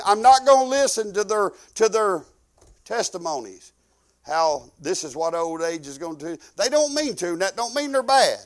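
A man, preaching a sermon through rambling, folksy personal stories. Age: 50s. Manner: folksy, rambling, drops low when quoting himself. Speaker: pastor. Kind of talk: sermon storytelling.

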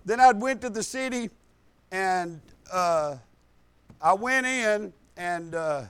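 A man's voice: high voice, lively intonation, takes it slowly, a bit bright, smooth, no room sound. A middle-aged man, preaching a rambling, earnest testimony in folksy grammar. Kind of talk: testimony in a sermon.

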